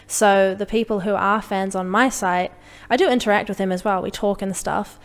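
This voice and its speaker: A young woman with a mid-range voice chats frankly as a podcast guest, her speech loaded with fillers. Her intonation stays fairly even at a moderate pace, and a long reverb tail trails her words in this casual conversation.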